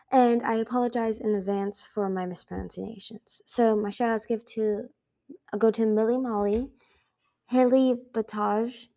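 Woman narrator, mellow and warm, earnest amateur audiobook reading. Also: fairly high pitch. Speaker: audiobook reader.

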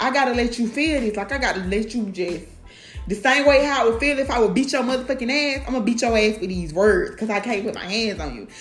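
Blunt, profane woman ranting in an echoey room. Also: a little high. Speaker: vlogger. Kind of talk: candid monologue.

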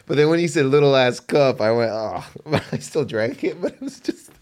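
A man's voice: mid-range voice, a little fast. Comedian guy on a podcast, voice jumps all over, laughs mid-story, does little bits of other people. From Windsor, Canada. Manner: animated storyteller, laughs often, acts out quotes. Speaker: comedian guest. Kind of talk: casual podcast chat.

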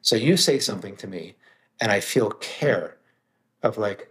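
A man's voice: lowish voice, expressive, moderate pace. Emphatic, plainspoken man talking. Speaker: guest author and meditation teacher. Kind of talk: casual conversation.

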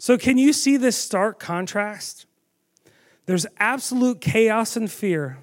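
A man preaches a sermon, telling the story in an animated way and posing questions to the audience. His voice sits high and his pace is slow.

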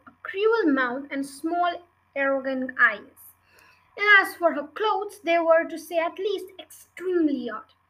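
A young woman reads a chapter of a novel aloud in a high, bright voice. Her reading is casual, with small stumbles and quick restarts along the way. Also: rough recording. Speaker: reader of a book podcast.

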